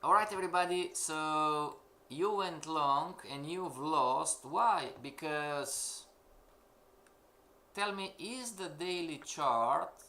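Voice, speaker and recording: A man's voice: fairly high pitch, bright, forceful tone. A man teaching a live-streamed trading class, emphatic and questioning, repeating his points to the students. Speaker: forex trading instructor.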